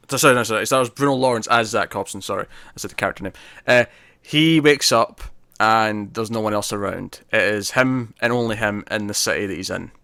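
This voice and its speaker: A man co-hosting a casual movie discussion, chatty and quick to laugh, often correcting himself. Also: on the low side, pushed and bright, clean tone, no room sound, studio quality. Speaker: podcast co-host.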